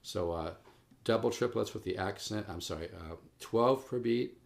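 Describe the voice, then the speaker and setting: A man giving a relaxed, encouraging guitar lesson on video, talking straight to his viewers. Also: fairly low pitch, moderate pace, creaky. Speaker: guitar teacher. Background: guitar playing.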